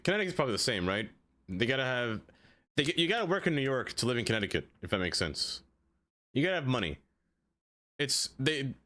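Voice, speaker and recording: A man with a medium-pitched, fairly bright voice chats casually on a live stream as he plays a city-building game. He rambles, responds to viewers by name, and leans heavily on "like" as a filler.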